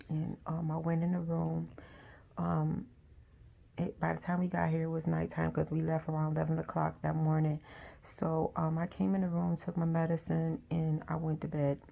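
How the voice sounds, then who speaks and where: Gravelly low-voiced woman, soft and halting. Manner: soft, halting, with frequent pauses and restarts; often drops to a near whisper. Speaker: vlogger. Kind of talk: personal storytelling.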